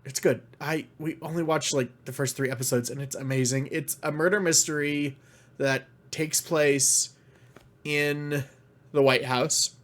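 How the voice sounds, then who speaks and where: Man, casual vlogger, heated exasperated rant, curses a lot, slightly high voice. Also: fairly even intonation. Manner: exasperated ranting with frequent swearing; halting restarts when worked up. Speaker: vlogger reviewing media. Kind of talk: casual spoken review.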